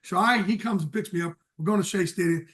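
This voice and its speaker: A man with a high, bright voice tells a story on a sports podcast. He is animated and keeps breaking into laughter. He talks casually, as a guest would. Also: fast talker. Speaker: guest football insider. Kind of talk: casual anecdote telling.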